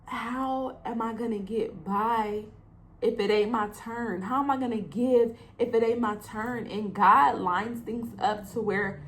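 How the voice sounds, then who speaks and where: A woman's voice: a little high, fairly even intonation, a little slow, a bit bright, poor audio. Young woman host, heartfelt faith talk, voices her exchanges with God. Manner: emotional, preachy, acts out dialogues with God. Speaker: podcast host. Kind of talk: casual solo podcast talk.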